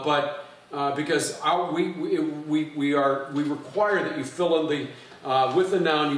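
A male pastor delivers a sermon in an emphatic, teaching manner, pausing on fillers and restarting phrases. His voice sits a little high for a man. He is heard from some distance in a strongly echoing church hall. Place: church sanctuary. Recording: echoey church hall from far off. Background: strong room echo.

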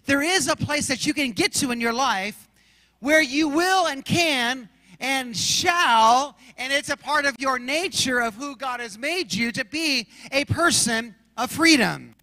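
High, bright-voiced preaching pastor. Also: male voice, lively intonation, measured pace, dry recording, in a large hall, poor audio. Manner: emphatic preaching with chatty storytelling. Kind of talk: sermon. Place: large church sanctuary.

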